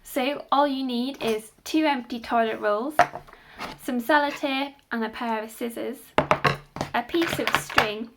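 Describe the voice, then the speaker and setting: A woman presenting a children's craft activity, explaining each step gently to young children and their carers. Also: on the high side, a little slow, background noise.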